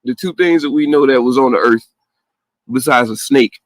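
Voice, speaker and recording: A man speaking in a loose, profane, animated rant, punctuated by laughter. His voice sits at an average pitch. The recording is dry and close. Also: moderate pace, no echo, low-quality recording. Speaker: podcast host. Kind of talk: casual opinionated chat.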